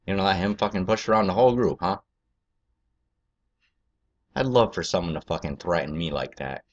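Low male host, profane rambling rant, muffled lo-fi sound. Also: a little fast. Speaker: political video host. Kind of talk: profane ranting commentary.

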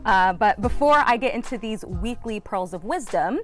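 A young American woman talks straight to camera for her travel vlog, bubbly and slangy, breaking into laughter often. She speaks at an ordinary middle pitch, recorded outdoors on a sunny day with faint music under her voice. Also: lively intonation, normal speed. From United States. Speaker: travel vlogger host. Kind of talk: casual vlog chat to camera.

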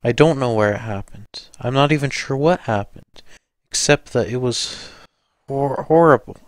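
A man voicing a frightened, distraught young wife in an audiobook, pleading and breathless, often dropping to a whisper, in a higher, smooth voice. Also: normal speed, no echo, close to an everyday voice.

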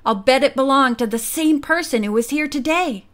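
A woman voicing a sharp, curious teenage girl detective who thinks aloud in earnest. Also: high voice, normal speed.

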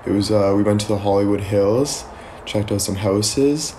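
Young male streamer, lowish mellow voice, laid-back rambling chat, faint hum behind. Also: moderate pace. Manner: relaxed, rambling, thanks viewers often. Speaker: live streamer. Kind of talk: casual live-stream chat.

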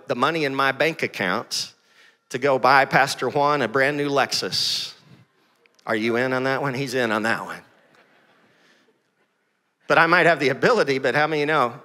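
This pastor's slightly high voice rings through a large space as he preaches with energy to his congregation in the sanctuary. He reads passages of scripture aloud and calls out to the people gathered before him.

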